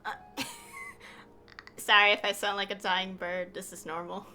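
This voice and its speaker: A woman's voice: mid-range voice, little pitch movement, brisk, music in the background. A woman streaming a video game, giggling and gushing about her favorite characters. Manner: giggly, gushing fan reactions. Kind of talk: live game stream commentary.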